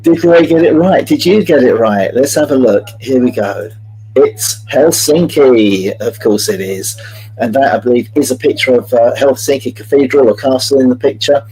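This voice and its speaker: A man's voice: medium pitch, moderate pace, darkish tone, slightly rough, rough recording. Chatty man hosting a quiz. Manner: chatty and jokey, greets viewers by name. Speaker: quiz host. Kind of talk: hosting a live-streamed multiple-choice quiz.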